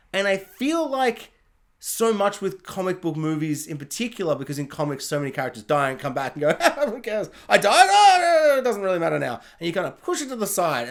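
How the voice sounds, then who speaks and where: A film reviewer talking through a movie in a casual, chatty way, full of asides and fillers, now and then acting out characters in quick mock voices. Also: medium pitch.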